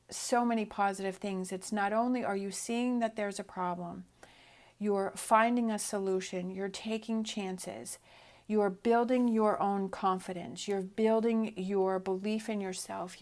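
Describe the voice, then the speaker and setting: Middle-aged woman, tarot reader, casual and encouraging, peppers her talk with "right?". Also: medium pitch. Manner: upbeat, encouraging, keeps asking "right?".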